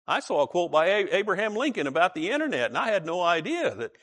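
A male preacher delivering a conversational sermon, often pausing to question his listeners or slip in a joke. His voice sits fairly high and swings widely in pitch, giving it a very animated feel. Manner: conversational, asks the audience questions, tells jokes.

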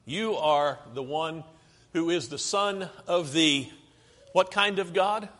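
A man's voice: fairly high pitch, slow, fairly bright tone. A man preaching a sermon in a church, often asking the congregation questions and then answering them himself. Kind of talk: sermon with slides. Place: church sanctuary. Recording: long hall reverb.

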